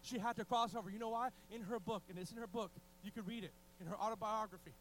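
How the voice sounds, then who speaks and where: A man preaching a sermon in a strikingly high voice, excitable and full of restarts. He shifts between loud outbursts and near-whispers. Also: fast talker, a little hiss or hum, rough recording. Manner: excitable, restarts often, swings from shouting to hushed.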